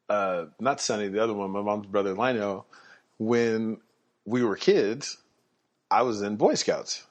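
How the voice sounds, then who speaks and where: A podcast host delivers a casual storytelling monologue about his own life, animated and chuckling along the way, his pitch jumping up whenever he quotes someone. The audio is slightly muffled lo-fi podcast sound.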